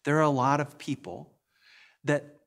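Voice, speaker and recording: A middle-aged man, a pastor, telling a story in a sermon with animated delivery and bursts of laughter. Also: fairly high pitch, a little slow, gravelly.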